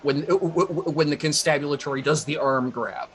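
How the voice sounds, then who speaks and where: A man's voice: fairly high pitch, moderate pace, fairly bright tone. A man narrating as game master of a tabletop game, chatty and chuckling often. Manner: chuckling, chatty, lots of fillers.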